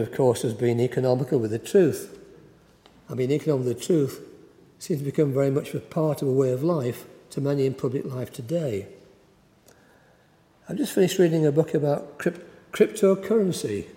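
A man's voice: medium pitch, warm tone. A male preacher giving a sermon in a conversational, wry storytelling manner, heard in a church. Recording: echoey church hall.

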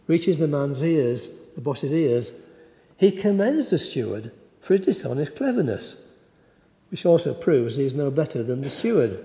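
A man's voice: fairly high pitch, dark tone. A male preacher giving a sermon in a conversational, wry storytelling manner, heard in a church. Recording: echoey church hall.

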